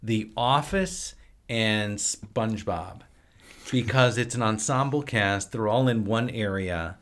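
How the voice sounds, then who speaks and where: A man from Wisconsin, a filmmaker and actor, chatting as a podcast guest in a relaxed, rambling storytelling way. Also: lowish voice, slow pace. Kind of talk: casual conversation.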